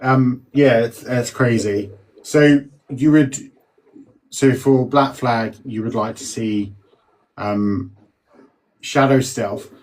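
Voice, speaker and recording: Man, unhurried podcast co-host, halting and tentative delivery. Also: medium pitch, darkish tone, low-quality recording. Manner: hesitant, many ums and restarts. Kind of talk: casual podcast chat.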